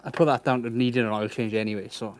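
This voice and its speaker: A man's voice: medium pitch, steady tone, fast, a little hiss or hum. A man giving casual commentary while he works on a car in a garage, muttering to himself with a wry, sarcastic tone. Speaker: home mechanic vlogger.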